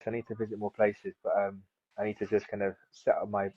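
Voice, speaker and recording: Casting: husky, low-voiced man in his 30s from South London, fast rambling chat, muffled lo-fi recording. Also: completely flat delivery, mellow, no echo. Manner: rambling, many fillers and restarts. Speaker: guest, seaweed farmer. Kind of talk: casual interview chat. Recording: dull lo-fi sound.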